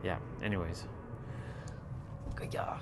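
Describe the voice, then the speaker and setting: A livestream host speaks slowly in a whisper, chatting casually. His talk is rambling and profane, and he laughs often.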